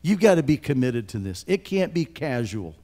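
A man in his sixties preaching a sermon as pastor, earnest and emphatic, speaking straight to his listeners and swinging from hushed to loud. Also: mid-range voice, sing-song, moderate pace. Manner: addresses listeners directly.

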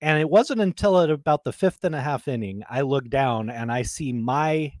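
A man's voice: mid-range voice, animated, moderate pace, dry recording. A man co-hosting a podcast, telling stories in an emphatic, conversational way. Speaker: podcast co-host. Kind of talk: casual chat.

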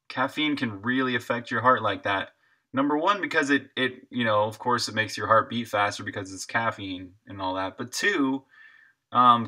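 A man's voice: medium pitch, pushed and bright. A young man who makes indie games, chatting casually with his viewers while he works. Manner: chatty, answers chat questions while working. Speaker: indie game developer and streamer. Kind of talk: casual live-stream chat with viewers.

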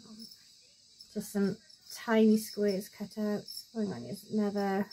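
A woman's voice: medium pitch, level tone, a little slow, mellow, slight background noise. A woman, chatting at home in a rambling, casual show-and-tell about her sewing, full of fillers and asides. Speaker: crafter showing her sewing projects.

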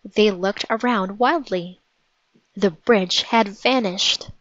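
A woman narrating a storybook in a measured, vivid read-aloud manner. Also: medium pitch, a bit bright, muffled recording.

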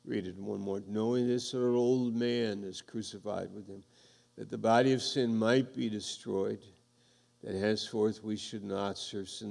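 A male pastor preaching a sermon, reading scripture aloud and building emphatically toward loud high points. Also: fairly even intonation, measured pace, gravelly. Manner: reads scripture aloud to the congregation.

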